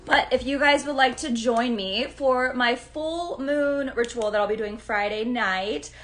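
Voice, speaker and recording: A woman with a fairly high voice talks to her live-stream viewers as an astrologer. She chats in a loose, friendly way and keeps checking in with them. She also greets people by name as she goes. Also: measured pace, fairly bright tone, slight background noise.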